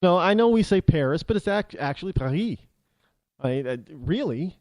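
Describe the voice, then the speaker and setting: An American man hosts his show with an opinionated monologue that stops and restarts often. His voice sits a touch high and swings widely in pitch. The recording is dry and close. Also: expressive, darkish tone, no room sound. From United States. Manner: rambling, halting, with many restarts. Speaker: talk show host.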